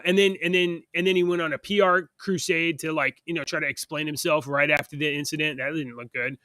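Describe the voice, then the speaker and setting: A man's voice: fairly high pitch, sharp tone, dry recording. A man co-hosting a podcast in casual chat, rambling with frequent restarts. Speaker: podcast co-host.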